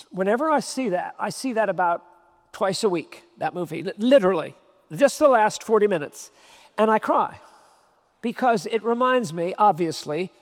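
High, gravelly man preaching in a hall. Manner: emphatic, repeats key phrases. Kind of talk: sermon. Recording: long hall reverb.

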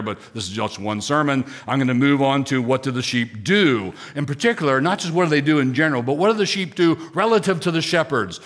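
A man's voice: mid-range voice, a bit bright. A man pastor from Pennsylvania preaching a sermon with emphatic lists and rhetorical questions. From Pennsylvania, United States.

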